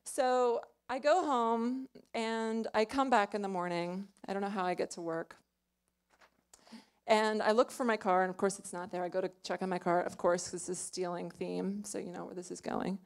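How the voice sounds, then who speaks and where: A woman's voice: mid-range voice, fairly even intonation, moderate pace. A young woman telling a true story on stage in a small club, chatty and self-mocking, full of "like" and "you know.".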